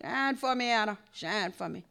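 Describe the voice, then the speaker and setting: A woman preacher delivering a sermon, reading scripture and building to shouted calls to the congregation. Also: mid-range voice, lively intonation, normal speed, vocal fry, heavy background noise.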